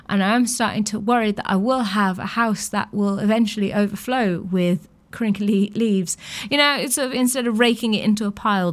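Chatty, playful woman radio host. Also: medium pitch. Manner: chatty and playful, with light laughs. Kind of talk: casual radio chat.

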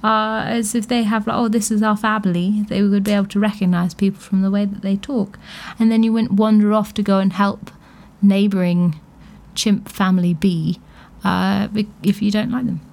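A woman's voice: medium pitch, flat delivery, moderate pace, gravelly, a little mellow. A woman hosting a radio show, chatting casually with frequent laughs and thinking aloud. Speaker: radio host.

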